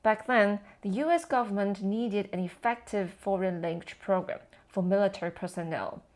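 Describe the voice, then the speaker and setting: Woman teacher, mid-pitched voice, measured, explanatory scripted lesson. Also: darkish tone. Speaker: TESOL educator. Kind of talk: scripted educational narration.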